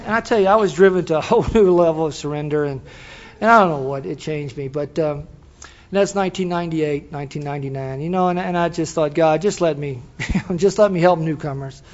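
An older man telling his personal story to an audience at a recovery meeting, self-deprecating and folksy, with halting restarts. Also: on the high side, lo-fi sound. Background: audience laughter.

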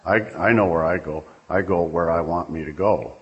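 A man sharing his thoughts at a recovery meeting, halting and restarting often before he introduces the next speaker. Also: sits low, muffled recording. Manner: halting, many fillers and restarts. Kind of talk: personal sharing to a group.

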